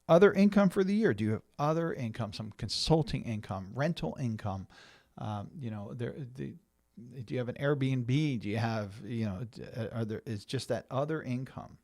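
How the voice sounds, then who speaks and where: A middle-aged man talks viewers through year-end money matters in an easy, conversational way, often restarting his sentences and filling pauses. His voice sits at an ordinary pitch, and the recording is dry and close, with no room sound around it. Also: expressive, darkish tone, no echo. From United States. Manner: conversational, many restarts and fillers. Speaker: financial planner hosting a show. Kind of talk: explanatory talk to viewers.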